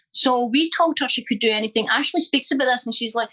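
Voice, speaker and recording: A woman's voice: fairly high pitch, quick pace, hardly any pauses, fairly bright tone, rough recording. A middle-aged Scottish woman comedian telling stories bluntly and swearing freely in a casual interview. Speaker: comedian, guest.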